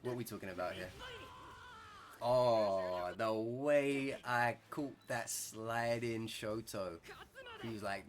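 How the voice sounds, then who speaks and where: A man's voice: fairly low pitch, takes it slowly, a little hiss or hum. A man commentating on his own gameplay in a chatty, joking way, laughing often. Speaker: gaming content creator. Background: game music.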